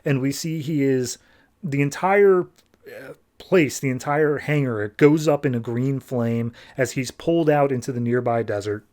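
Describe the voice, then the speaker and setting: A man's voice: medium pitch, darkish tone. Podcast guy rambling through a comic plot, loose and chatty, lots of "like". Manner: chatty, quick asides, frequent "like". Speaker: podcast host. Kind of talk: casual comic-book recap.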